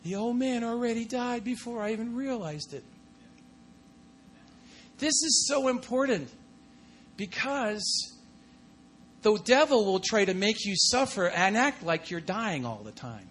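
A man preaching a sermon in a very high voice with a bright, forceful edge. He punctuates everything with cries of "come on" and "glory to God." He swings from loud bursts down to hushed asides. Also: expressive, unhurried, long pauses, a little hiss or hum.

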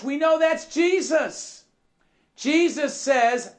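High-voiced man preaching slowly. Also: animated. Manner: emphatic, repeats key phrases, asks the congregation questions; swings between soft asides and loud shouted emphasis. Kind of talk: sermon.

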